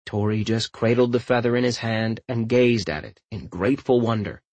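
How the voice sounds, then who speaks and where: A man narrating a fantasy audiobook with lively, expressive storytelling. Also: mid-range voice, moderate pace, dry recording. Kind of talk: scripted narration.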